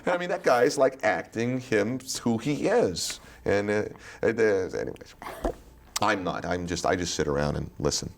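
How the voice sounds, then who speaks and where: A man being interviewed as a guest actor, telling stories in a casual, animated way and slipping into other voices. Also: lowish voice, a little slow, vocal fry, slight background noise. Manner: animated storytelling, slips into voices.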